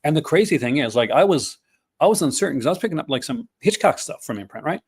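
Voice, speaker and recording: A man's voice: on the high side, expressive, quick pace, slightly rough. Rambling man in his fifties. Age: 50s. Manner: rambling, many fillers and restarts. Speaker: podcast host. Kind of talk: casual chat.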